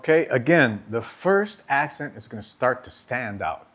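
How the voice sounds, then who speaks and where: A man gives an instructional demonstration of drum technique, explaining patiently and often checking in with his students with "okay?" His medium-pitched voice is sing-song and a bit bright, at normal speed.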